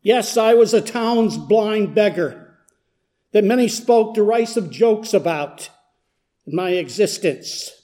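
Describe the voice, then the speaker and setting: Guy with a high, mellow voice doing a dramatic monologue as a blind beggar, earnest. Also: lively intonation, takes it slowly. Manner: earnest, building intensity. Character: blind beggar man, humble then desperate. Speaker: dramatic storyteller. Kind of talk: first-person dramatic monologue.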